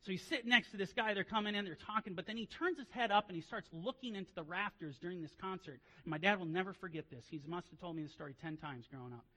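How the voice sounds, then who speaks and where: A man preaching a sermon as pastor, telling stories in quiet asides and then rising into loud, emphatic preaching. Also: sits high, fast talker, hardly any pauses, poor audio.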